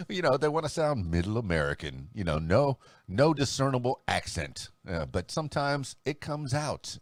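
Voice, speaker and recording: Middle-aged host, low lively voice, chatty and laughing, dry close sound. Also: male voice, normal speed, no room sound. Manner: chatty, laughing, self-amused asides. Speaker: podcast host and DJ. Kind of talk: casual solo podcast talk.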